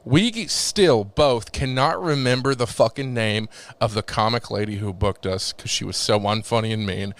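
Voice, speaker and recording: A man's voice: on the low side, normal speed, few pauses, no room sound. A man who is a comedian, telling rambling stories in a casual podcast chat, swearing often and restarting his sentences.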